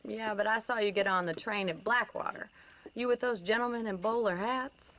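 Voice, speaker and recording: A woman's voice: medium pitch, moderate pace, a little hiss or hum, close to an everyday voice. An actress playing a bold, playfully teasing young ranch woman in a video game. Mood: friendly. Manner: lively, playfully challenging.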